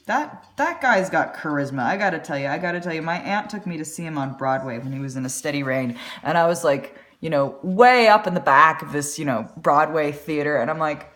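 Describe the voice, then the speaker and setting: A woman hosts a casual drawing stream and rambles from one aside to the next. Her voice sits a little low, but her intonation swings widely up and down. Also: expressive, fairly bright tone. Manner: rambling, chatty, quick asides. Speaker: artist and live stream host. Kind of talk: casual chat while drawing. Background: faint music.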